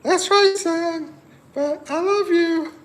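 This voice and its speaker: A man voicing a comforting mother speaking to her son in a high falsetto. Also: slow, fairly bright tone, exaggerated voice. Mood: soothing.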